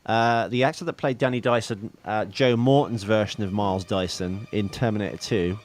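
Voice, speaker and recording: In casual film talk on a podcast, a co-host speaks at a moderate pace in a fairly low, steady voice. His conversation rambles, and he keeps correcting himself jokingly.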